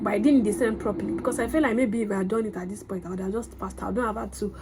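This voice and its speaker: A young woman telling a story to her vlog in an excitable, chatty way. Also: fairly high pitch, racing, few pauses, background noise. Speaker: vlogger.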